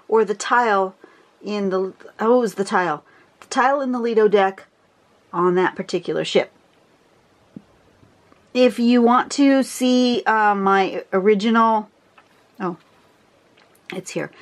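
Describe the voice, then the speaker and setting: A woman explaining a drawing pattern in a casual, rambling tutorial, with frequent fillers. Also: on the high side. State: out of breath. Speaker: drawing teacher.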